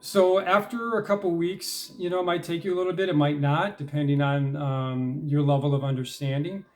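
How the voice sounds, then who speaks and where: A man's voice: on the high side, fairly even intonation, moderate pace, faint music behind. A middle-aged man giving a casual talk on manifesting, conversational, with frequent fillers and "all right?" check-ins, building to emphatic stress on key points. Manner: grows emphatic and louder when stressing determination. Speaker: self-help speaker.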